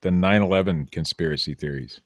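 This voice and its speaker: Low-voiced guy hosting a podcast, joking around, dry close sound. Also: brisk, no echo. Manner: joking, rambling with restarts. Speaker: podcast host. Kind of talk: casual banter.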